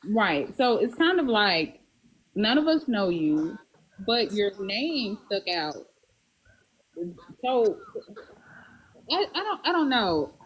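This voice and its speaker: A woman's voice: mid-range voice, very animated, slow, pauses often, breathy edge, poor audio. A woman in a casual live group chat, asking direct, confronting questions. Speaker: live stream participant.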